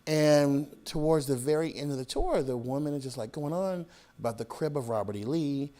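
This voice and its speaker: A man giving an author talk to an audience, telling lively stories with laughter and acted-out voices. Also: on the high side, moderate pace. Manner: animated, laughing, acts out voices in anecdotes. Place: public hall with audience.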